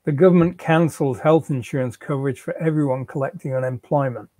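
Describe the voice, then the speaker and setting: A man's voice: medium pitch, brisk, mellow, no echo, natural voice. A man in a live reading, voicing a defensive, pleading unemployed husband and father.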